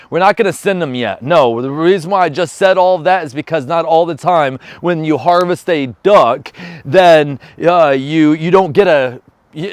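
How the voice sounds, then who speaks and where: Upbeat man vlogging, slightly high voice. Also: clean tone, no room sound. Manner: upbeat, chatty, giving short firm dog commands. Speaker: vlogger and dog trainer. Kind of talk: casual how-to vlog. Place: outdoors training a dog.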